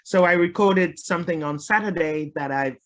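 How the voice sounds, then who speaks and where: A woman's voice: lowish voice, normal speed. A woman from Liverpool, a singer and guest, telling her story in a candid, chatty way with frequent laughs. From Liverpool, England. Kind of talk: casual storytelling interview.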